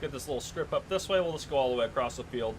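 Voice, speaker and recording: A man's voice: mid-range voice, animated, racing, slight background noise, low-quality recording. A man chatting casually on a live gaming stream, telling stories, reading chat aloud and laughing often.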